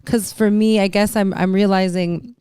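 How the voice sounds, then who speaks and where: A woman hosts her own podcast and talks casually on her own, circling and restarting her thoughts. Her voice is very clear and smooth. The close-miked sound is dry, with no room echo. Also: medium pitch, steady tone, normal speed, dark tone. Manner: rambling, self-interrupting, emotional and playful. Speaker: podcast host. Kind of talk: casual solo podcast chat.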